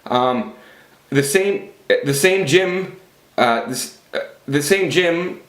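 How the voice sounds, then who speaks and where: A man's voice: fairly high pitch, expressive, slow, a bit bright. A man telling a personal story in a rambling, profane, blunt monologue to a camera. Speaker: vlogger. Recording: echoey room.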